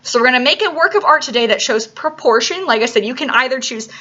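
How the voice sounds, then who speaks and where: Upbeat art teacher lady talking to kids, bright sharp voice, keeps asking right? okay?, kinda lo-fi audio. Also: high voice, animated, quick pace. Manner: chatty, checks in with "right?" and "okay?". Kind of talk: classroom video lesson for children. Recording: slightly dull lo-fi recording.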